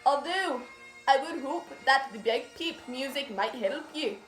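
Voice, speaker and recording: Co-host, female, high voice, jokey fake Scottish accent, roomy echo with faint bagpipes behind. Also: animated, unhurried, fairly bright tone, soft background music. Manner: puts on a playful mock Scottish accent. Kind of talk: casual family history presentation.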